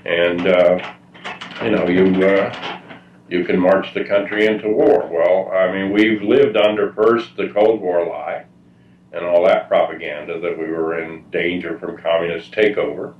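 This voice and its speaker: A man speaking as a guest at a public talk, answering at length in a halting way with many fillers and restarts. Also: low-pitched, fairly even intonation, slight background noise. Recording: distant muffled roomy mic.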